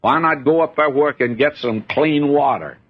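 An older male preacher gives a folksy, conversational Bible sermon. His voice is husky and a little breathy, and the recording is dull and lo-fi, like an old sermon tape. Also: a little high, normal speed.

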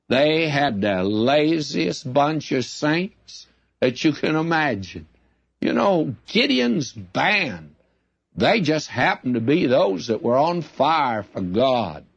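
A man's voice: fairly high pitch, lively intonation, slow pace, no echo. A male preacher giving a folksy, conversational and emphatic Bible-teaching sermon. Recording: dull dry lo-fi recording.

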